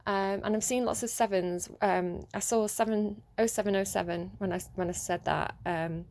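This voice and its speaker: A woman's voice: mid-range voice, fairly even intonation, moderate pace, a little mellow. A young woman chatting casually as a tarot reader. She rambles and giggles, with lots of ums and likes.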